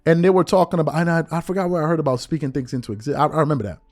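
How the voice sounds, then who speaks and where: A man's voice: on the high side, very fast, darkish tone, faint music behind. A man hosting a commentary show, giving emphatic, opinionated sports commentary in a slangy, conversational way and firing off repeated rhetorical questions.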